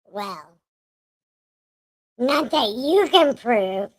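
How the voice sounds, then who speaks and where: A woman's voice: a little high, expressive, very slow. A woman hosting a livestream in casual chat, joking and laughing often. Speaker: livestream host.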